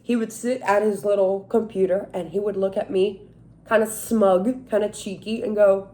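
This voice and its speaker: A woman venting in a casual, animated monologue, exasperated and self-mocking. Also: medium pitch, normal speed. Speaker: vlogger.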